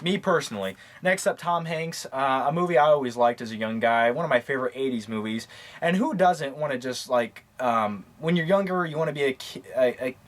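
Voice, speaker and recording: A man's voice: mid-range voice, animated. Rambling, wisecracking male movie reviewer. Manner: quick, offhand, crude jokes, loses his train of thought. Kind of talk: casual rambling collection tour.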